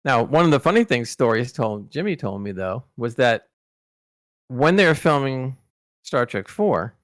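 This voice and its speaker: Male podcast co-host, mid pitch, rambling anecdotal storyteller, dry close mic. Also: big pitch swings, a little slow, no room sound. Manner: rambling storyteller, many restarts and fillers. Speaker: podcast co-host recalling celebrity interviews. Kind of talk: casual podcast chat.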